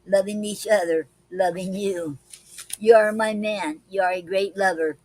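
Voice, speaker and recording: Slow-reading woman poetry host. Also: medium pitch, steady tone, a little mellow, no room sound, poor audio. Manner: slow deliberate reading with many pauses and fillers. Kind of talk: live-stream poetry reading.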